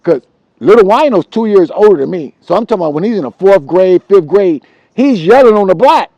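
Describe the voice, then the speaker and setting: Animated gravelly-voiced man telling stories. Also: sits high, brisk, no echo, highs cut off. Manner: animated, profane, repeats himself for emphasis. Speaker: storyteller. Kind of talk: casual street storytelling.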